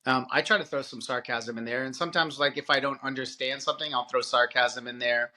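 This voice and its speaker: A man co-hosting a parenting podcast, talking casually and in an animated way, often restarting his sentences. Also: mid-range voice. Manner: animated, halting with restarts and filler. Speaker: podcast co-host. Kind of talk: casual conversation.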